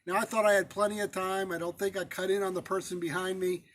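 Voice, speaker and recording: A male pastor telling a personal story in a sermon, conversational and halting, with many fillers and restarts. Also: sits high, flat delivery, a bit bright, a little hiss or hum.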